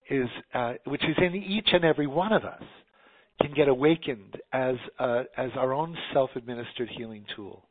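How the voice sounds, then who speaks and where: A man from New York talks in an earnest, rambling way, often restarting his sentences. He comes through a tinny, phone-like line with no room sound at all. His pitch sits at an ordinary middle level. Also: dry recording. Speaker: guest. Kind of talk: casual conversation.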